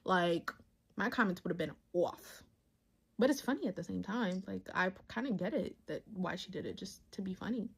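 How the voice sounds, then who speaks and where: A young woman chatting in a commentary vlog, animated and emphatic. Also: mid-range voice, moderate pace, gravelly, noisy background. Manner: animated, swooping, emphatic storytelling.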